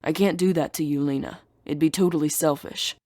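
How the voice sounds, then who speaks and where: Woman doing a guilty young guy, mopey and defensive, low voice, dry close audio. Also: fairly even intonation, fairly quick, a little mellow, no room sound, natural voice. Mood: brooding. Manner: miserable, defensive, mumbling. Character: young man, brooding guilty half-demon lover.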